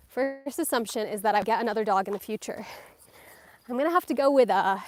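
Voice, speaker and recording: Young woman talking into her phone on a dog walk, kinda breathless, higher voice, chatty and laughing. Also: expressive, a little fast. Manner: chatty, distracted, laughing often, slightly out of breath. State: out of breath from walking. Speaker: lifestyle vlogger. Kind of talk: casual walking vlog. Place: outdoors walking a dog on a residential street. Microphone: handheld phone.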